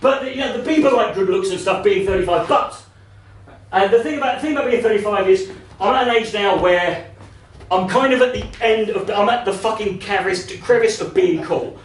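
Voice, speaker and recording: A man in his thirties doing a live stand-up set, brash and profane, breaking into shouts. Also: high voice, a little fast, distant mic. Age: 30s. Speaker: stand-up comedian. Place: comedy venue in front of a laughing audience. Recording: roomy live venue sound, voice off-mic at times.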